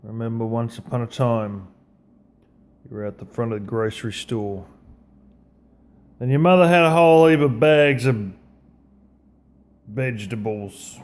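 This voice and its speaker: An Australian man delivers a plain-spoken motivational rant at an unhurried, deliberate pace. His voice sits at a middling pitch, and he swears freely and talks like he's chatting to a mate. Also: darkish tone. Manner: blunt, profane, conversational. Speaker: vlogger.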